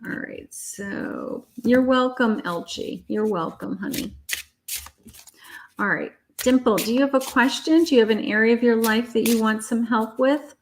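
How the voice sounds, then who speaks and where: A middle-aged woman with a slightly high voice reads tarot on a live stream at an unhurried pace, with a little background noise. She chats with viewers, reassures them, and calls them honey and sweetheart.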